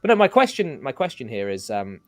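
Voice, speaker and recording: A man's voice: mid-range voice, huge pitch swings, brisk, no echo. A man hosting his own livestream in casual chat, playfully keeping his guests in order. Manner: playful, bossy moderator. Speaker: livestream host.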